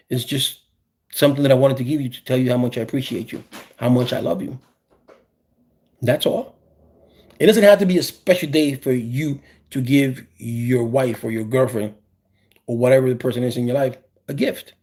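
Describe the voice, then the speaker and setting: A man hosting a casual talk show, sharing opinions in an animated way and often repeating or restarting his phrases. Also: medium pitch, vocal fry, husky. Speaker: podcast host.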